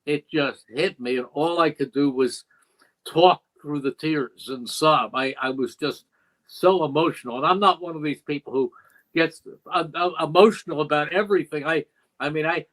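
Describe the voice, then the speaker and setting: A man's voice: fairly high pitch, normal speed, fairly bright tone, rough recording. An older man, a longtime play-by-play broadcaster, telling stories as a guest in a podcast interview. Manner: reflective, emotional retelling with quoted dialogue. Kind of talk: interview storytelling. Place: podcast studio.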